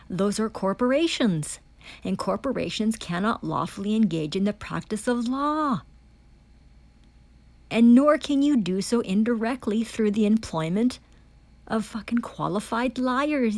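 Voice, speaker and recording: A woman's voice: mid-range voice, darkish tone, dry recording. Furious, profane woman ranting. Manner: repeats and restarts phrases under strain. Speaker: self-described foreign diplomat giving testimony. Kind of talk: angry monologue testimony.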